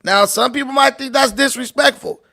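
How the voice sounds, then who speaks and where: High gravelly man telling stories loosely. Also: normal speed, pushed and bright. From Long Beach, California. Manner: loose, profane, laughing storyteller. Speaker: livestream host. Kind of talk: casual storytelling.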